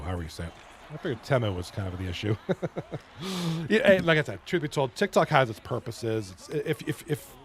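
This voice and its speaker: A man calls an online hockey league stream in a loose, chatty way. He reads viewer chat aloud, swears freely and keeps clearing his throat. His voice sits at an ordinary middle pitch. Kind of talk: casual esports commentary reading chat.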